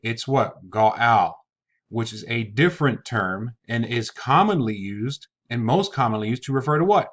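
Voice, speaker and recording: A man's voice: medium pitch, a bit bright, dull audio. A man teaching a scripture lesson in an online video, methodical and posing rhetorical questions as he reads verses aloud. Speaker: Bible teacher.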